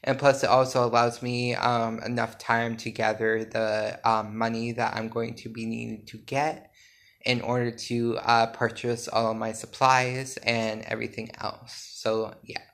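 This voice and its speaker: A man's voice: medium pitch, level tone, a little slow, a bit bright. Sleepy man giving a rambling update. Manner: rambling, filler-heavy, self-correcting. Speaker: podcast host and small business owner. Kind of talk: casual solo podcast update.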